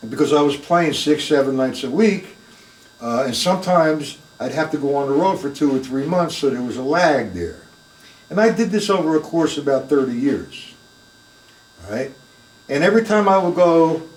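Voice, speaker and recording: An older man with a fairly high, darkish voice gives a live drum lesson, chatting casually, greeting viewers by name and counting beats out loud. He's the drum teacher, in a room with a drum kit. The recording is echoey and distant, with music playing.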